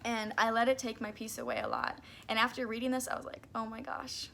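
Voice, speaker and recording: A woman's voice: on the high side, sing-song, fast, vocal fry, a bit bright, a little hiss or hum. A young woman talking casually and earnestly about prayer, with lots of "like" and restarts. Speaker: faith vlogger. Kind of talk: casual spoken reflection to camera.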